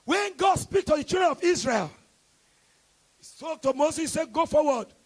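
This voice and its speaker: A man with a Nigerian accent preaching a sermon at a church service, moving from storytelling into shouted, impassioned declarations. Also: extremely high pitch, lively intonation, normal speed. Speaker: evangelist preacher.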